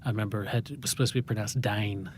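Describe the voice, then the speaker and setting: American guy rambling through a story, lots of ums, lowish voice, faint hiss behind. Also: fairly even intonation, very fast. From United States. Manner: rambling and self-deprecating, with many fillers and restarts. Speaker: guest playwright. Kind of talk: conversational interview.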